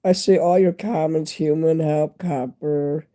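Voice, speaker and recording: A man in his fifties with a hoarse, fading voice and a stuffy nose, rambling candidly to his viewers in a casual live-stream chat. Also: a little high, steady tone, measured pace, mellow. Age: 50s.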